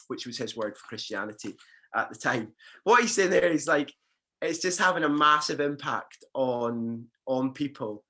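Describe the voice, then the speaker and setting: A male pastor at medium pitch preaches a sermon in a relaxed, conversational manner, with frequent fillers and restarts.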